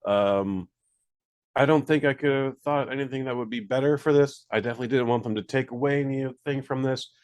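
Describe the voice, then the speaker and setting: Man, podcast co-host, casual rambling movie review, mid-pitched, filler-heavy. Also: fairly quick, a little mellow. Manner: rambling, self-deprecating, many fillers.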